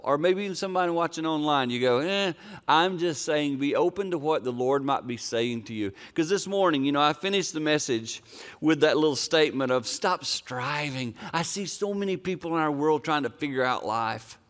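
A man's voice: a little high, expressive, a little fast, smooth. An older man preaching a sermon, telling a personal story in an earnest, conversational, folksy way. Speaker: pastor.

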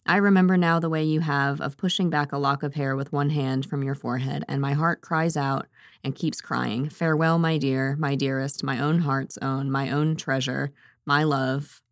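A woman reading out a dying poet's farewell letter in a soft, slow, hushed voice. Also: low voice, no room sound, studio quality. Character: dying French swordsman poet, tender, mournful.

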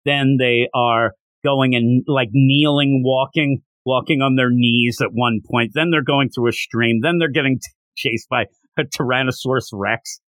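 Male podcast host, mid-pitched, animated storyteller who pops into quick character voices, dry close-miked sound. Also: no room sound. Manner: animated retelling, acting out lines in quick higher voices. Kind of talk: casual manga recap.

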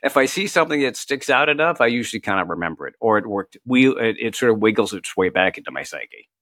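A middle-aged author, guesting in a casual interview, is chatty and self-deprecating, laughing often as he tells anecdotes laced with quoted asides. His voice is on the low side with big pitch swings, fast and fairly bright, with no echo.

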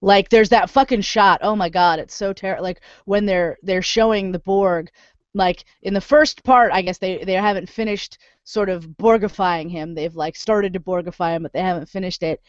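A woman chatting casually on a podcast, animated and profane, swinging into loud indignant rants. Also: lowish voice, normal speed, no room sound, highs cut off. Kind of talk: casual chat.

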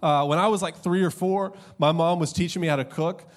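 A young man preaching a sermon as pastor, conversational and humorous, with quick asides and slow emphatic drops. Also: on the high side, fairly even intonation.

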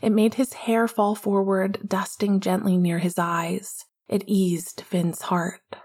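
A woman narrates a novel in a quiet, steady way. Her voice is breathy and soft-edged, at a middling pitch. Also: takes it slowly. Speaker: audiobook narrator. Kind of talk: scripted narration.

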